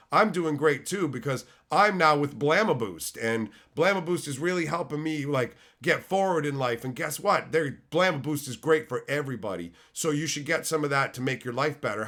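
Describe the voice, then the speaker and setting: A man's voice: lively intonation, fast talker, a bit bright, lightly acted. A man putting on the voice of a pushy multi-level marketer, chirpy and fake-friendly, then bitter and insulting. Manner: chirpy sales pitch turning to insults.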